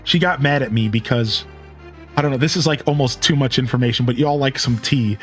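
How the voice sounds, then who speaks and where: A man in his thirties chats casually on his live game stream. He tells candid, rambling stories with many restarts, in a middle-pitched voice. Quiet game music plays underneath him. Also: brisk. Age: 30s. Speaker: live streamer and show host. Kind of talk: casual chat while playing a game on stream.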